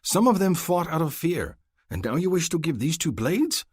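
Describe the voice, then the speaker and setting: A man's voice: a little high, very animated, moderate pace, slightly rough, no echo, studio quality, voice pushed up. A man voicing a hot-headed, stubborn male alien hunter in an audiobook, indignant and protective. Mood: heated.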